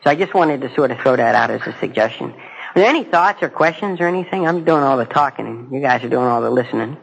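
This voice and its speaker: At a recovery meeting, a middle-aged man tells his personal story to the audience face to face, asking questions and joking at his own expense in a conversational style. His mid-range voice is animated, quick, gravelly and a touch breathy. The recording is rough.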